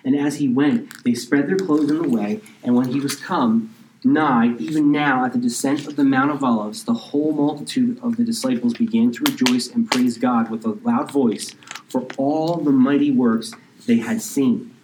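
A man preaching a sermon, reading scripture slowly and explaining it in casual asides, now and then dropping almost to a whisper. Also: mid-range voice, a little mellow, far from the mic, a little hiss or hum, low-quality recording. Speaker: pastor.

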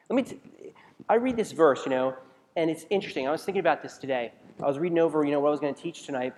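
With the long reverb of a big hall around him, a man preaches quickly in a fairly high, expressive, slightly mellow voice. His pastoral style is conversational, posing questions to the congregation and frequently restarting sentences.

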